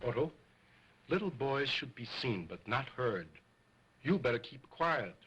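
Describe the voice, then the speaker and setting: A grandiose, self-important ventriloquist who speaks in stiff, formal phrases and keeps scolding his partner. His voice is forceful and husky, delivered in early sound film style. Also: mid-range voice, very animated, a little slow, muffled recording, heavily acted. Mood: straight man. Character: pompous egocentric male stage ventriloquist. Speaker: stage ventriloquist.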